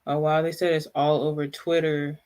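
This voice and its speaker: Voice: mid-range voice, level tone, a little mellow. A host chatting casually on a live stream, answering viewers' comments and often stopping to restart sentences. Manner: halting, many restarts and asides.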